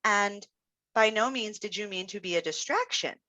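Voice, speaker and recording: A woman's voice: mid-range voice, moderate pace, pushed and bright, no room sound, highs cut off. A woman speech-language pathologist giving an encouraging, reflective webinar talk, with frequent fillers. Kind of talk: webinar presentation.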